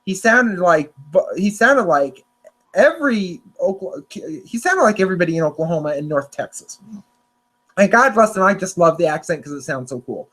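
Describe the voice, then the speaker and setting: A man's voice: high voice, lively intonation, moderate pace, a bit bright. A young man hosting a casual chat, rambling with lots of restarts and self-corrections. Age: young adult. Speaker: podcast host. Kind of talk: casual chat about storm forecasts.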